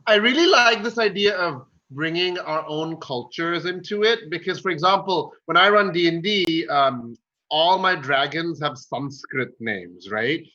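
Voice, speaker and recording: A man tells stories in a lively way as a roundtable guest. His tone is bright and forceful and his pitch a little high. The audio is dull and muffled. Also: measured pace. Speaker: roundtable guest, game master. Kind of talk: casual chat.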